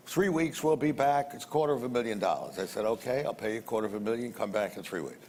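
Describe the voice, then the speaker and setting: An older man, an investor, tells a conversational business anecdote, repeating phrases and acting out the dialogue. His voice is medium-pitched, fast and darkish with a little hiss or hum, recorded with long hall reverb and faint ambience.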